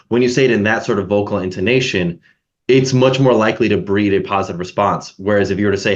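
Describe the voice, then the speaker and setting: A man's voice: on the low side, fast talker, highs cut off. A man in a podcast conversation, explaining his points and acting out tones of voice.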